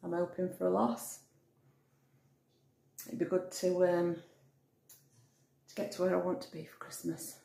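Gravelly-voiced woman chatting at home. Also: on the low side, flat delivery, a little slow, long pauses, warm tone. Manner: rambling, thinks aloud, self-interrupting. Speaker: vlogger. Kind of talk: casual chatty vlog. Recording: echoey room.

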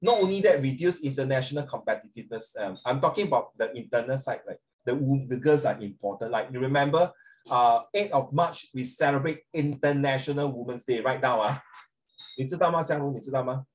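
A middle-aged male teacher talks his class through a lesson off the cuff. His voice sits at an ordinary pitch, and he rambles in a chatty way, slips into Mandarin and calls students by name. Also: lively intonation, fairly quick. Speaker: secondary school English teacher. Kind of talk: classroom lecture, talking off the cuff.

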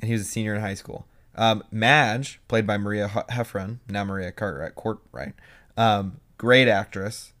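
A young man co-hosting a casual podcast, speaking in a somewhat low voice. He tells stories in quick, animated bursts and slips into little impressions of people. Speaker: podcast co-host. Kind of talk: casual chat.

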